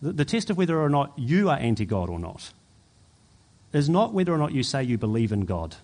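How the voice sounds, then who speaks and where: A man preaching a sermon as pastor, emphatic and building to forceful peaks. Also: medium pitch, very animated, a little fast.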